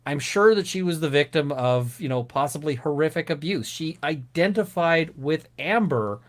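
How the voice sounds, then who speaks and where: A man's voice: a little high, lively intonation, normal speed. A man co-hosting a casual live-stream chat, ranting and swearing a lot. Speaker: co-host.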